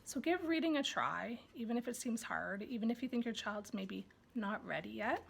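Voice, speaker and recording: Woman teaching parents about reading to babies, high lively voice, breathy tone, sing-song baby talk. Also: normal speed. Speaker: infant and child development coordinator.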